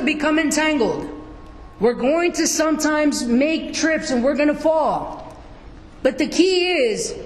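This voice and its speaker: A man preaching a sermon, asking the congregation questions as he reads and explains scripture. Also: very high-pitched. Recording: echoey hall.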